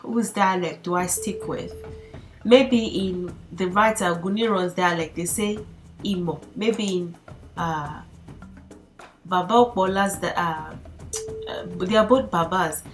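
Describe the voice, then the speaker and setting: A woman hosting a casual language lesson, talking through a text in a loose, chatty manner. She breaks into laughs often and fills pauses with ums and uhs. Faint music plays underneath her voice. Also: on the low side. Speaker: Yoruba language teacher. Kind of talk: casual video lesson reading and explaining text.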